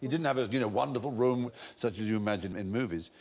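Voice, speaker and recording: A man's voice: mid-range voice, quick pace, a little mellow. A British man hosting a TV panel show, explaining facts at length with wry, articulate asides. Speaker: quiz show host. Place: TV studio with live audience.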